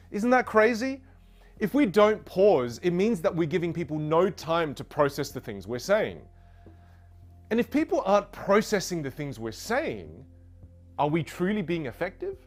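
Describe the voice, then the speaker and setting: Energetic male speaking coach, lively swinging pitch, asks the listener questions. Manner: energetic, rhetorical questions, demonstrates trailing off and fillers. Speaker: communication coach. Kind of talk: instructional lesson.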